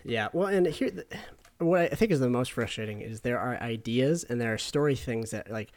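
A young man chatting casually, relaxed and wry. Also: mid-range voice, moderate pace. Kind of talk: casual chat.

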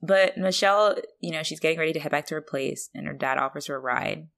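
A woman's voice: sits low, fast talker, creaky, a bit bright. A woman co-hosting a podcast, chatting casually about an episode, playfully acting out the characters' lines and laughing often. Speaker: podcast co-host. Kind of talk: casual chat recapping a TV episode.

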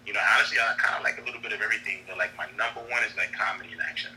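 A man's voice: on the low side, fairly even intonation, racing, crowd noise, poor audio. A man who works as an actor, answering interview questions on a podcast in an easygoing, rambling way. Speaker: actor guest.

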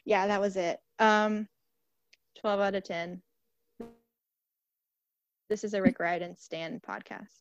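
A woman co-hosting a podcast in casual chat, gushing and animated and swearing freely. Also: medium pitch, slow, pauses often, lo-fi sound. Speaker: podcast co-host.

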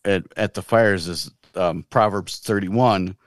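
Fifty-something guy, low voice, real slow and measured, lots of ums, dry sound. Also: dry recording. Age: 50s. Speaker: podcast co-host. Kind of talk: casual chat, teaching from scripture.

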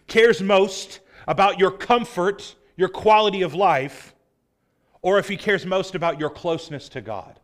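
A man pastor preaching a sermon, earnest and conversational, with casual asides. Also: high voice.

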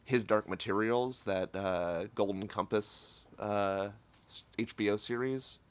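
A man's voice: lowish voice, unhurried, clear, resonant tone. A man co-hosting a casual podcast, teasing and joking while recovering from an illness. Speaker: podcast co-host. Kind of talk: casual chat.

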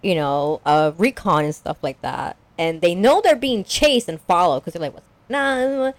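A young woman in casual chat, recapping a show with lively storytelling, jumping into quick character voices and swearing casually. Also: low voice, no echo. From Latina background. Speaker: podcast co-host recapping a show.

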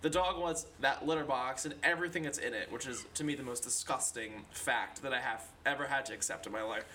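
A man's voice: mid-range voice, a little fast, bright, forceful tone, recorded from a distance, slight background noise. A man chatting casually, easygoing and joking. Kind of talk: casual chat.

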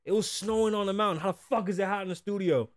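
A man hosting a podcast, talking casually and animatedly, swearing a lot and acting out quotes in loud bursts from a studio. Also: sits high, quick pace, no room sound. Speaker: podcast host. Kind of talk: casual profane talk-show rant.

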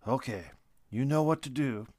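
A man voicing a gruff, stern father who barks and scolds in a storybook reading. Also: medium pitch, moderate pace, darkish tone, lightly acted. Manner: barking, scolding.

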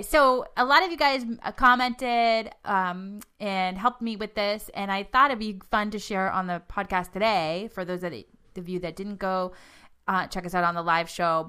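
A woman's voice: mid-range voice, bright, forceful tone, clean tone. A middle-aged woman with a Boston accent co-hosting a casual podcast, laughing often and tripping over her words. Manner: giggly, self-teasing, stumbles over words. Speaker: podcast co-host. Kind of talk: casual chat.

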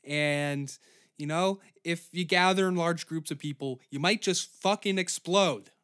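A man hosts a comedy podcast in a bright, sharp voice that sits fairly high. He begs for money with mock desperation, swears freely and spells things out slowly. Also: clean tone. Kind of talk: comedic monologue.

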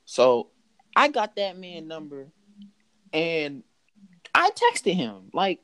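A young man telling a story in casual chat, animated and mocking, laughing as he goes. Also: fairly high pitch, takes it slowly, pauses often. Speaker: podcast host telling a story.

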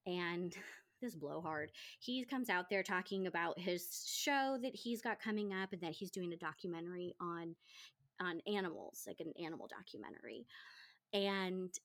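A woman hosting a podcast, telling a story in casual chat, animated and chatty. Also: on the low side, moderate pace. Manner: animated, chatty, quotes people in lively voices. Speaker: podcast host.

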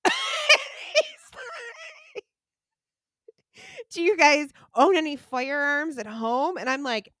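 A bright, lively woman in her thirties co-hosts a casual podcast chat, spinning a story with lots of laughter. Her pitch leaps around as she talks, and the sound is close and dry. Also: very slow, pauses often, no echo. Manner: animated storytelling with frequent laughter. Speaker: podcast co-host.

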